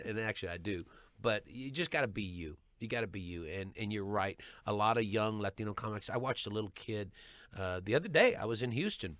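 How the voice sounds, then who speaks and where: A middle-aged man, a stand-up comedian, telling stories in an animated way and often repeating words as he restarts. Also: lowish voice, brisk, dry recording. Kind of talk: storytelling chat.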